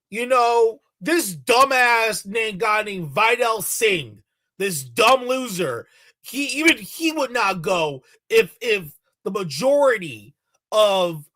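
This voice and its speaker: High-voiced bright man ranting mockingly. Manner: mocking, repetitive, heated delivery. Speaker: commentary channel host. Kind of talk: ranting reaction commentary.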